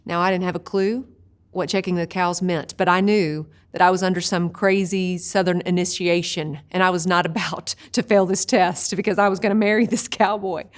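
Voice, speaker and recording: A woman teaching a video Bible study, an expressive storyteller who slows down for vivid images. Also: fairly low pitch.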